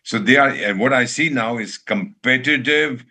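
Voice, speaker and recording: An older man, a former ambassador, speaking as a guest on a live TV news debate in a measured, formal way. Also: medium pitch, pushed and bright.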